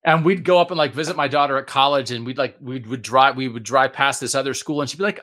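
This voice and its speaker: A middle-aged man hosts a casual podcast chat. He tells stories with lively energy and jumps up and down in pitch when he quotes people. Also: quick pace, few pauses. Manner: animated storyteller, acts out quotes with big pitch swings. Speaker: podcast host.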